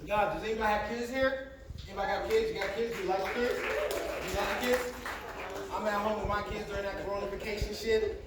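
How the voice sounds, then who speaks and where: A man in his thirties performs a brash, profane stand-up set on a club stage, telling stories with asides to the crowd. His high voice is fairly even in intonation and a little fast. The recording is taken from a distance in an echoey club, with noise.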